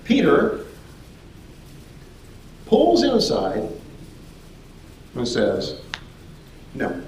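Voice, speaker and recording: A man preaching a sermon as lively storytelling, acting out the voices of the people in his story. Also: fairly high pitch, normal speed. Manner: animated storytelling, acts out voices. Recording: echoey hall.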